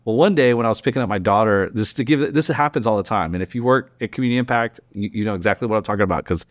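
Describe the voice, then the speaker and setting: A middle-aged man from Texas, a company founder and podcast guest, telling animated stories in casual conversation, full of restarts and fillers. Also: fairly low pitch, racing, no echo, studio quality. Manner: animated, rambling anecdotes with many restarts and fillers.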